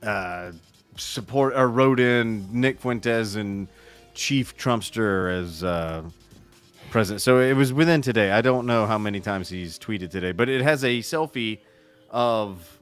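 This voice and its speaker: A man's voice: on the low side, measured pace, clean tone, soft background music. A man co-hosting a drinking livestream, rambling and joking with crude humor. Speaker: podcast co-host. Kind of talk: casual livestream banter.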